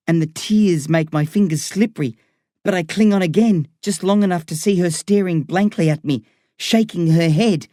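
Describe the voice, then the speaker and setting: A man reading a novel aloud in first person, with measured, vivid storytelling. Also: a little high, darkish tone, dry recording, clean studio sound. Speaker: audiobook reader.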